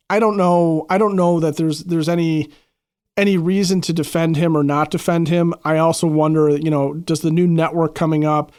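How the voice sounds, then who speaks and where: A man co-hosting a sports podcast, talking casually in a measured way with small restarts. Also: a little high, darkish tone, clear, resonant tone, dry recording, clean studio sound. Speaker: podcast co-host.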